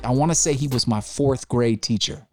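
A man's voice: medium pitch, normal speed, soft background music. A man co-hosting a podcast in casual chat, a rambling storyteller who likes to talk. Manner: rambling storyteller, animated impressions. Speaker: podcast co-host.

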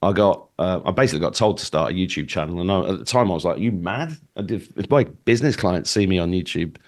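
A man's voice: deep voice, fast. A man in his fifties, a guest in a casual interview, telling stories in a rambling way with many fillers and restarts.

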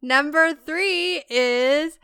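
A woman's voice: high-pitched, sharp tone, no room sound, clean studio sound. A woman co-hosting a podcast in casual chat, laughing often and drawing her words out. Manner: giggly, drawn-out delivery. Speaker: podcast co-host.

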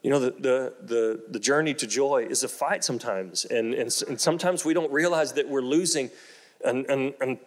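A middle-aged man preaching, with a voice that sits in the middle of the male range. He tells his story slowly and low, then breaks into loud, excited exclamations. He keeps repeating his phrases for emphasis. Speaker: pastor. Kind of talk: storytelling sermon.

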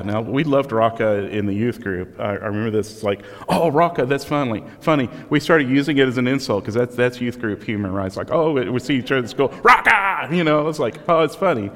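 Man preaching in a reverberant hall. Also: mid-range voice. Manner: conversational, self-deprecating storytelling. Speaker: pastor. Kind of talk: sermon.

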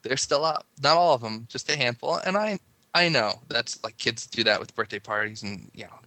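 Bright-voiced man telling a story. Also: medium pitch, lively intonation, normal speed, no room sound. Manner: rambling, self-interrupting, lots of "like". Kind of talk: casual storytelling.

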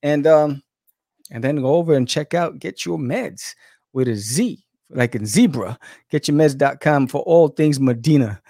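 A man's voice: fairly high pitch, measured pace, mellow, no echo. Chatty co-host man, dry close mic. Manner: loose, chatty, many fillers and restarts. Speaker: podcast co-host. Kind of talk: casual chat and show sign-off.

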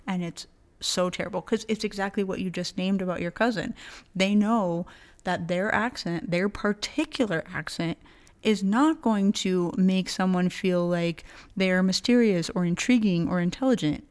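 A woman's voice: medium pitch, moderate pace, a little mellow. An American woman co-hosting a podcast, telling stories in casual chat with a slight lisp. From United States. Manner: storytelling, emphatic. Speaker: podcast co-host.

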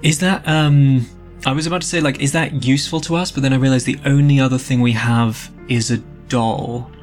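A man's voice: mid-range voice, fairly even intonation, a little fast, soft background music. A man playing a tabletop game, making wry joking asides in casual chat. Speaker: player.

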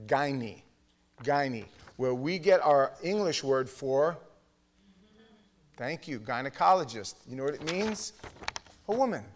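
A middle-aged man preaching a sermon in a Bible study, blunt and emphatic, with his voice swinging from loud to hushed. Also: a little high, slight background noise. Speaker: pastor teaching a Bible study.

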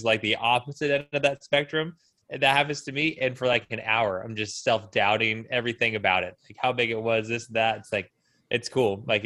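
A man's voice: medium pitch, fairly bright tone. A man co-hosting a podcast, chatting casually and reflecting on what he just heard. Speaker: podcast co-host. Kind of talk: casual chat.

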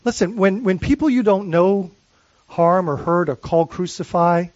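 This sermon comes from a lead pastor whose voice runs high for a man, a little mellow and somewhat slow. Earnest throughout, he fires off repeated questions and often begins his sentences over. There's no room sound, and the audio is dry and a bit muffled.

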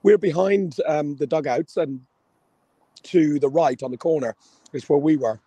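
Excited man on a phone. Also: on the high side, moderate pace, breathy edge, no echo. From Ireland. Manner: rambling, excited, swearing freely. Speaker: live correspondent at the match. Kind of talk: excited phone call from a match. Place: outdoors near a stadium. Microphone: phone held to his ear.

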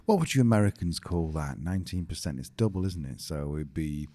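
A man's voice: extremely low pitch, expressive, fairly quick, mellow. A man co-hosting a casual podcast, making dry, joking asides. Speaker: podcast co-host. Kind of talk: casual chat.

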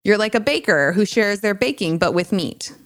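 A middle-aged woman hosting a podcast interview, encouraging and quick to laugh. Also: medium pitch, lively intonation. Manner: warm, encouraging, laughs easily. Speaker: podcast host.

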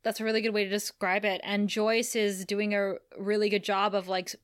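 A woman co-hosting a casual podcast, recapping a TV episode with animated storytelling and acting out the characters' lines. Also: medium pitch, moderate pace, smooth. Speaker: podcast co-host.

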